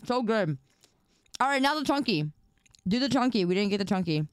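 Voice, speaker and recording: A woman's voice: mid-range voice, lively intonation, fairly quick, pauses often, smooth, no echo, clean studio sound. A young woman streaming live, chatting playfully and teasing her viewers while she eats. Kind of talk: casual live-stream chat.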